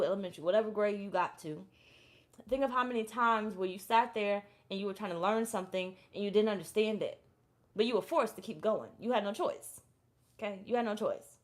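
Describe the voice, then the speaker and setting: Young adult woman tarot reader, blunt, profane, chatty and repetitive. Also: mid-range voice. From Florida, USA. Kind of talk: casual tarot reading with personal story.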